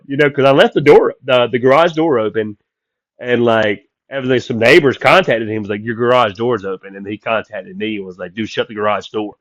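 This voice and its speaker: Man, casual storytelling, animated, mid pitch, dry close sound. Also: fairly quick, no echo. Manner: animated, acts out quoted voices loudly. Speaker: comedian guest.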